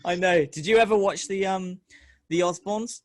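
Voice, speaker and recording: A middle-aged man hosting a loose, casual talk. He rambles through stories, swears freely and jumps into animated voices. The recording is dry and close. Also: high voice, normal speed, dry recording. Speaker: podcast host. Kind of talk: casual chat.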